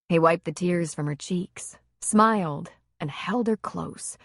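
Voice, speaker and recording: A woman reading an audiobook as its narrator, in a slow, measured scripted narration. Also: on the low side, no room sound, clean studio sound.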